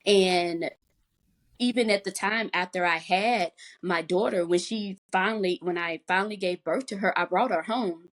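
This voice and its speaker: A young adult woman, a podcast guest, openly telling a raw personal story with reflective pauses. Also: on the low side. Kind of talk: personal testimony in a podcast conversation.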